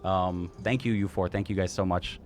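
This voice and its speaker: A young man narrates a tabletop game as dungeon master, his voice sitting fairly low. He talks in a halting, laid-back way, full of fillers and restarts. Faint music plays behind him. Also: fairly even intonation.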